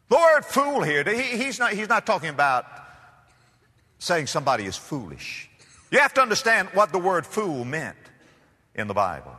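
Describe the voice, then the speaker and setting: Animated, emphatic male preacher. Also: medium pitch, normal speed. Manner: dramatic, emphatic preaching with repeated phrases. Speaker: pastor. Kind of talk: sermon. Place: church. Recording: reverberant hall.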